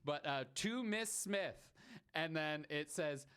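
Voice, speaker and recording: A man co-hosting a podcast, telling a story in expressive casual chat. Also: a little high, takes it slowly, clean tone. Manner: expressive, breaks into laughter. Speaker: podcast co-host.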